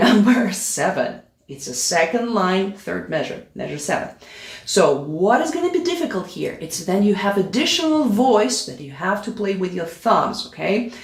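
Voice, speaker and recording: Woman piano teacher, counts beats and checks in, echoey room with loud piano. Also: mid-range voice. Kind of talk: play-along piano tutorial. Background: piano playing.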